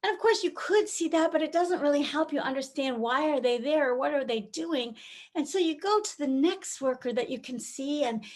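A woman's voice: high-pitched, lively intonation, normal speed. A middle-aged woman giving a keynote talk, telling a story and acting out the voices in it. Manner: warm storytelling, acts out quoted voices. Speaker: keynote speaker. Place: virtual conference, recorded remotely.

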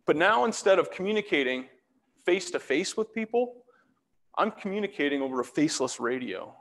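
A man's voice: fairly high pitch, very animated, fairly quick, fairly bright tone, big-room sound. A man giving a casual public talk as a fire meteorologist, walking through slides with self-deprecating jokes. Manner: self-deprecating, joking asides.

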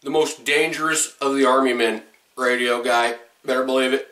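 A man opening a box of gifts on camera, excitable and swearing often, his voice jumping up when something thrills him. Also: medium pitch, moderate pace, roomy sound, recorded from a distance. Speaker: vlogger opening a fan mail box. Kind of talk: excited unboxing vlog.

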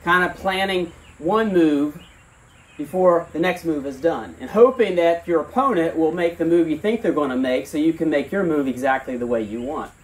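A pastor giving a sermon outdoors, reading scripture aloud and then talking in a plain, earnest way with fillers and restarts. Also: male voice, a little high, moderate pace, recorded from a distance. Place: outdoor church service.

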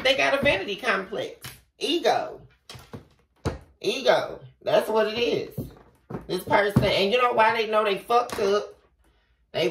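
A woman giving a casual tarot reading, talking straight to the viewer in an animated way and swearing freely. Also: medium pitch. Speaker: tarot reader. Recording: echoey room from far off, faint noise.

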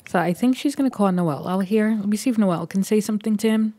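An excitable woman talks through her game as she plays, narrating her moves in a chatty, easy flow. Her voice sits at a middle pitch for a woman. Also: fast, few pauses, no room sound, clean studio sound. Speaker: gaming YouTuber. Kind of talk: let's play commentary.

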